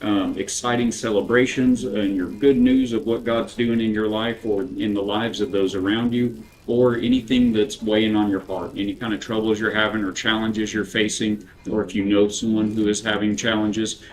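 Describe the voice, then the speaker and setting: A man hosting a game livestream, talking in an earnest, unhurried, casual way. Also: on the low side, fairly even intonation, low-quality recording. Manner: earnest, unhurried talk with a devotional bent. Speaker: game streamer.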